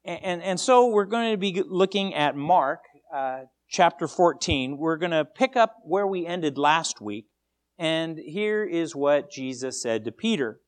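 A man preaching a sermon as pastor, emphatic and animated, often repeating words as he starts a sentence. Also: on the high side, a little slow.

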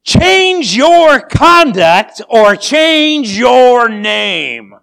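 A stern, shouting ancient general, as a preacher acts him out. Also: mid-range voice, sing-song, creaky, clean tone, pitched above the performer's own voice, heavily acted. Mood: stern anger. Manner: shouted, slow, commanding. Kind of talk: sermon storytelling.

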